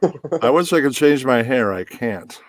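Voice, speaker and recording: A man with a very deep voice hosting a casual pre-stream chat, rambling and relaxed while he sets up. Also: moderate pace, no echo. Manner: relaxed, rambling, talks to himself while setting up. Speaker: podcast host.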